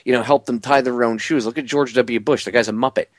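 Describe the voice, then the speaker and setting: A man's voice: mid-range voice, steady tone, fast, dry recording. Male talk radio host, casual and slangy, sarcastic, dry close sound. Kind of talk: radio talk show discussion.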